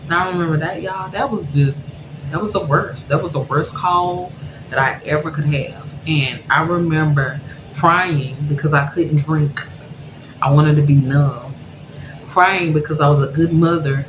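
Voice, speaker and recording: A woman's voice: deep voice, unhurried. A woman vlogger telling her viewers a personal story in a candid, emotional way, laughing through sad memories. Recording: echoey room with background noise.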